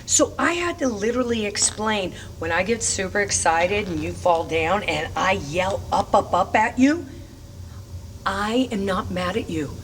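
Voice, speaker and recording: A woman's voice: medium pitch, measured pace, recorded from a distance, slight background noise. A middle-aged woman coaching parents on teaching kids to roller skate, upbeat and emphatic, breaking into chanted cheers. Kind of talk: instructional talk to parents. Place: roller rink.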